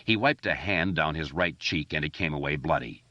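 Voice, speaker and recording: A man narrating an audiobook in an expressive, steady reading style. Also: extremely low pitch, moderate pace, dry recording. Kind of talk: scripted narration. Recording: dry, dull lo-fi recording.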